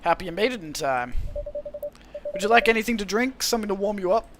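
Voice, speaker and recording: A man's voice: sits high, lively intonation, fast, background noise. A man voicing a polite, attentive young male barista.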